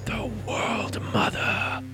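A man voicing an eerie, menacing disembodied voice in a raspy whisper over music. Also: drawn-out words. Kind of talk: scripted narration.

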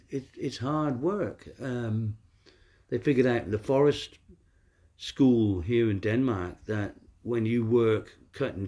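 A man's voice: medium pitch, a little mellow. A man telling a personal story in a casual, rambling, wry way, with many fillers and restarts.

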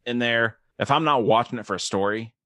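A young man co-hosting a podcast in casual chat, loose and joking, quick to laugh. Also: mid-range voice, sharp tone, no echo, studio quality. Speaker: podcast co-host.

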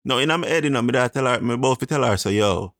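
A Jamaican man with a Jamaican accent, chatting casually and telling animated stories, slipping into patois. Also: medium pitch, fast talker, no echo, studio quality. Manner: animated storytelling, slips into patois. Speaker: co-host. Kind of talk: casual chat.

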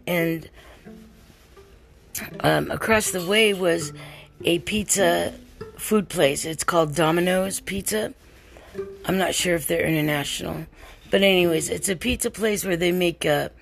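A woman's voice: fairly low pitch, gravelly. An older woman hosting a casual podcast monologue, telling a rambling, chatty story while tired and worn out. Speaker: podcast host.

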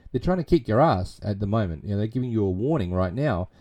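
A man's voice: fairly low pitch, lively intonation, fast, dark tone. A middle-aged man casually recapping a movie plot, rambling and chatty with many fillers. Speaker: film reviewer.

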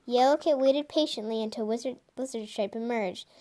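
Woman reading a kids' cat story out loud, expressive, bit high-pitched. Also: brisk. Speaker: reader. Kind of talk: storybook read-aloud.

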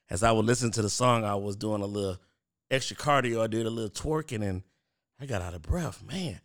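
A man's voice: mid-range voice, lively intonation, fairly quick, fairly bright tone. A man in his thirties hosting a podcast alone, chatting casually and talking straight to his listeners. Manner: chatty, addresses listeners as "y'all", frequent restarts and fillers. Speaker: podcast host.

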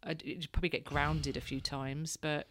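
A woman's voice: low-pitched, little pitch movement, normal speed, no room sound. A woman in her thirties, hosting a casual chat and telling candid stories, laughing now and then. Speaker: podcast host, mother.

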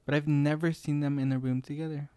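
A man's voice: on the high side, little pitch movement, fast talker, dark tone, clean tone, dry recording. Joking young man podcast co-host. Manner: joking, rambling, swears casually. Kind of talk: casual chat.

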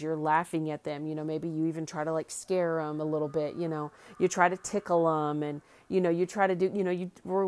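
A woman's voice: deep voice, a little mellow. A middle-aged woman from Arkansas, hosting a casual, heartfelt talk and rambling with many fillers and restarts. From Arkansas, US South.

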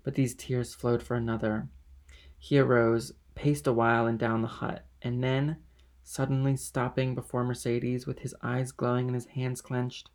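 A man reading a classic novel aloud in measured, steady narration. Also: mid-range voice. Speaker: audiobook reader. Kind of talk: audiobook narration.

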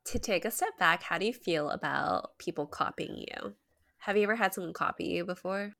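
A woman's voice: fairly low pitch, brisk, creaky, a bit bright, no room sound. A woman co-hosting a podcast, sick with a cold and sounding nasal, chatting casually and laughing often. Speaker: podcast co-host. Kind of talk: casual chat.

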